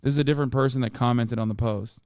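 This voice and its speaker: Ranting male streamer, crisp dry voice. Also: medium pitch, fairly even intonation, very fast, a little mellow, no room sound. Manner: ranting, mocking, exasperated. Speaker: streamer reacting to clips. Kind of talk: casual profane reaction commentary.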